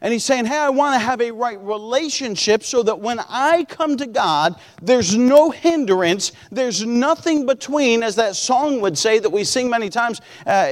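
A man's voice: extremely high pitch, long reverb tail. A man preaching a sermon in an earnest, repetitive way, with many fillers and restarts.

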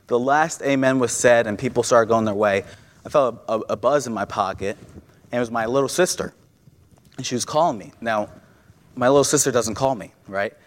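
Earnest young preacher in a reverberant church. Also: male voice, medium pitch. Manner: earnest, repeats words and restarts often. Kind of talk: sermon with personal story. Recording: long reverb of a church hall.

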